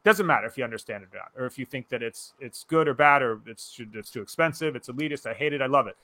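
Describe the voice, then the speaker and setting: A man co-hosting a casual talk show over a video call, ranting loudly and swearing often. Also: mid-range voice, fast. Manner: loud, profane, ranting. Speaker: podcast co-host. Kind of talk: casual chat.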